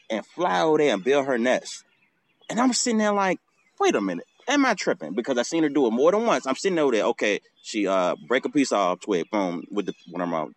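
A man hosting a podcast outdoors, telling a casual, swearing story and acting out the bird calls. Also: fairly low pitch. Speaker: podcast host.

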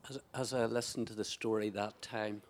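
A man in a church group sharing a reflection, hesitant and soft-spoken. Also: fairly low pitch, steady tone, moderate pace. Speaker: group participant.

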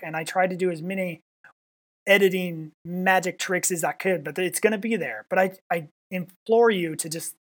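A man's voice: a little high, a bit bright. An upbeat man hosts a casual podcast. He rambles a little and makes jokes about himself. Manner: upbeat, rambling, self-joking. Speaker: podcast host.

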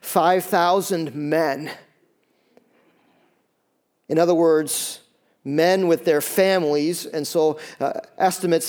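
A man preaching a sermon in a lively, conversational way, with quick asides and acted-out quotes. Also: fairly high pitch. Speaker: pastor.

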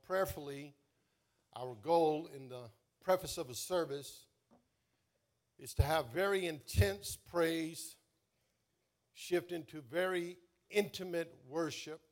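A man preaching a sermon as pastor, calling on the congregation to respond and swelling loud on key words before dropping soft. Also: on the high side. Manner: slow, drawn-out emphasis.

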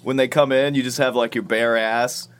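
A man's voice: fairly even intonation, normal speed, fairly bright tone, clean tone. A man co-hosting a comedy podcast, rambling through crude stories and laughing. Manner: rambling, laughing, drops low when storytelling. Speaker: podcast co-host.

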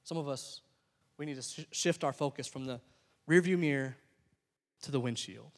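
A young adult man preaching a sermon as a pastor, swinging between loud exhortation and soft asides. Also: mid-range voice, moderate pace, in a large hall. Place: church sanctuary.

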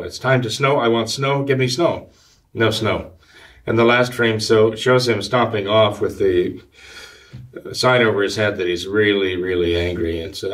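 Man, priest, low voice, halting talk full of fillers, sounds set back from the mic. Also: a bit bright, recorded from a distance. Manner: measured, halting, with many fillers and restarts. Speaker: Catholic priest answering listener questions. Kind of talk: conversational commentary.

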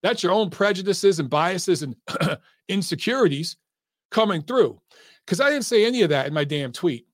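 Man, middle-aged, podcast host, casual rant, profane, emphatic, slightly high voice, dry close sound. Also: lively intonation, normal speed, no echo. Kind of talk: casual ranting commentary.

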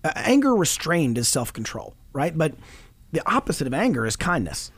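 A man's voice: on the high side, normal speed, slightly rough, no room sound. A middle-aged man on a Christian talk show, speaking earnestly about fatherhood, quoting scripture and laughing often. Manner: animated, preachy, quotes scripture, laughs often.

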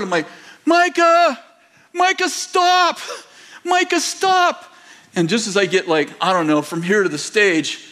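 A man preaching a sermon as a pastor, telling stories in an animated way, laughing often and acting out the voices. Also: a little high. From United States. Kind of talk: sermon with storytelling. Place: large church auditorium.

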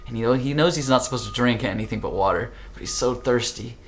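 A man hosting a casual conversation, telling an animated story and acting out the voices. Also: mid-range voice, fast, a little hiss or hum. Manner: animated, acts out voices, laughs easily. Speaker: podcast host.

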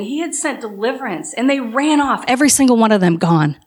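A woman's voice: a little high, animated, fairly quick, few pauses. A woman preaching a sermon, telling a story with building passion and emphatic calls to her listeners.

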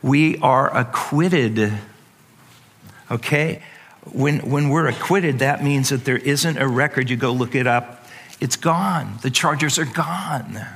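A man preaching a sermon to a congregation, animated and playful, acting out voices with sudden jumps in pitch. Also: slow, gravelly, slightly rough. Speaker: pastor.

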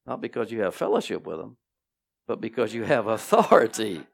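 Male pastor, low gravelly voice, animated sermon with repeated phrases and playful asides. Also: brisk. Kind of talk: sermon teaching. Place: church sanctuary.

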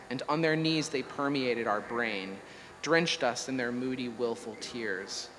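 A ravenous, all-knowing AI god speaks in slow, solemn declamation, as a man reads it aloud. The voice sits at a middling pitch and rings out with a long hall reverb. A faint hum lies underneath. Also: a bit bright, lightly acted. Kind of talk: scripted performance reading.

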